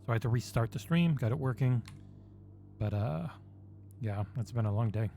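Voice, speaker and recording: A man streaming a game for charity on a headset mic, chatting excitedly with viewers and swearing freely. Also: medium pitch, moderate pace, gravelly, a little hiss or hum. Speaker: charity livestream gamer. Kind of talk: casual game-stream commentary. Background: game music.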